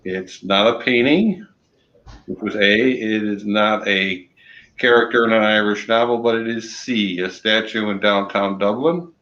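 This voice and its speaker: A man co-hosts a relaxed trivia chat, talking slowly and stopping often with ums and uhs. His voice sits a little low. The recording is roomy and dull. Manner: slow, halting, many ums and uhs; corny jokes. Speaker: podcast co-host running trivia. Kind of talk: casual chat.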